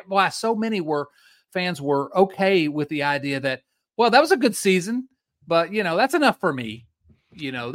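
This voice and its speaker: A man co-hosting a podcast, ranting in casual sports chat, stopping and restarting his sentences. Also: high-pitched. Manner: animated, ranting, with frequent restarts. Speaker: podcast co-host.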